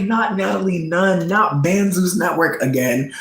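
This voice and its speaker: Campy, animated man gossiping in an echoey room. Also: normal speed, a little hiss or hum. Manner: animated, swings into high-pitched squeals for quoted reactions; slangy, campy storytelling with frequent "bitch" and "like". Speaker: vlogger. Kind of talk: casual gossip chat.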